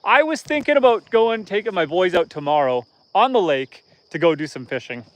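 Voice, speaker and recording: A man's voice: high voice, animated, a little fast, no echo. A Canadian man in his thirties, hosting a casual homesteading livestream outdoors and chatting in an easygoing, rambling way. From northern Canada. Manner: easygoing and rambling, reads viewer comments aloud.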